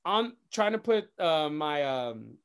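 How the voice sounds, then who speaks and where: A man, a DJ and radio host, telling an animated story in casual chat, swearing freely and acting out quoted dialogue. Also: on the high side, takes it slowly, smooth. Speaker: DJ and radio host, interview guest.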